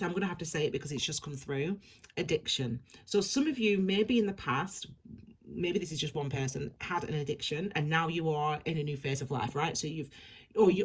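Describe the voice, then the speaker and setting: A woman's voice: low voice, slightly rough. A woman giving a tarot reading, rambling and repeating herself as she gushes reassurance at her viewers. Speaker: tarot reader.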